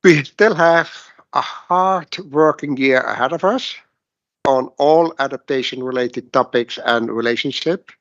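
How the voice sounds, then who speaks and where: A man's voice: mid-range voice, a little slow, a bit bright, no echo. A man chairs a workshop session, his remarks polite, formal and slightly broken in phrasing. The audio is dry and dull, like a lo-fi conference feed.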